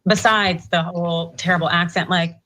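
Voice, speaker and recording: Female co-host, bright edgy tone, exasperated delivery. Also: on the low side, steady tone, normal speed. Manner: exasperated, dismissive. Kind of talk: casual political commentary.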